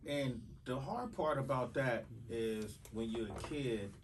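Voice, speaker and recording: A man's voice: medium pitch, slow. A man hosting a radio interview, asking probing questions and adding short affirmations. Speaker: radio show host. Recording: distant mic with faint noise.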